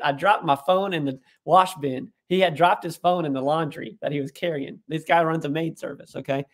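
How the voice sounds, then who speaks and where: Man, interview guest, animated storyteller, slightly high pitch, quotes people in put-on voices. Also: brisk. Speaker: guest, tech executive.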